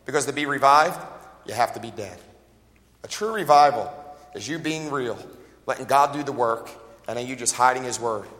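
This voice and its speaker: A man's voice: mid-range voice, normal speed, long pauses, big-room sound. A man preaching a sermon as a pastor in an auditorium, emphatic and folksy, calling out to the congregation with joking asides. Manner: emphatic, call-and-response preaching with rising shouts. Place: large auditorium.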